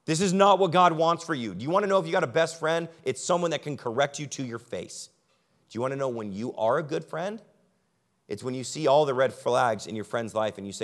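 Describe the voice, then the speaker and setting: Young pastor preaching with shifting intensity. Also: male voice, fairly high pitch, expressive, brisk. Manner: shifts from quiet storytelling to loud emphatic preaching. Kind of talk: sermon.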